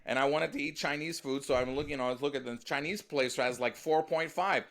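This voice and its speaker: American comedian guy riffing on a podcast, punchy and lively, talks right at his hosts. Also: on the high side, fast. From United States. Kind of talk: comedic storytelling.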